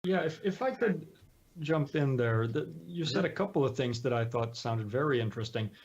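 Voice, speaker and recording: A man's voice: medium pitch, expressive, normal speed, husky. A man interviewing a guest, jumping in eagerly with stammered questions. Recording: dull, lo-fi line.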